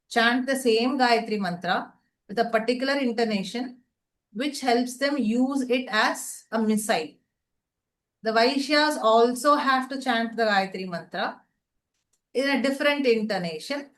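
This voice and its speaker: A woman's voice: a little high, fairly bright tone, low-quality recording. A woman teaching a class, explaining step by step and asking and answering her own questions.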